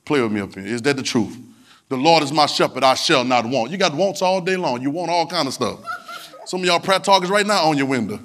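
A man's voice: a little high, animated, fairly quick, a bit bright. A man preaching a sermon in a colloquial manner, repeating phrases and urging the congregation to answer back. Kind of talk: sermon with call-and-response.

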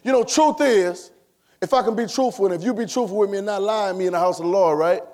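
A man preaching a sermon in church, repeating phrases and building to shouts. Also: high-pitched, quick pace. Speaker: pastor. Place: church sanctuary.

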